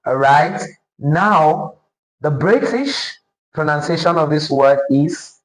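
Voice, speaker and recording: Slow, deliberate man teaching pronunciation. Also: fairly high pitch, lively intonation. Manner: deliberate, repeats words and checks in with "okay?". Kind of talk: classroom-style pronunciation lesson. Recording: roomy echo.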